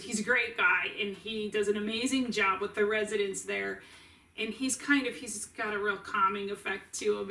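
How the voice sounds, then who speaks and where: A woman's voice: medium pitch, bright, forceful tone, far from the mic. A middle-aged woman talking casually and earnestly to camera as a family caregiver, with restarts and asides. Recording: roomy echo, voice set back from the mic.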